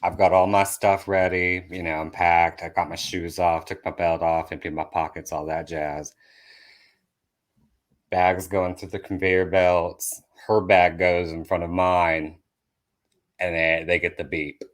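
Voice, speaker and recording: A man, a comedian guest on a podcast, telling a story in an animated way that builds to loud bursts. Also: sits low, unhurried.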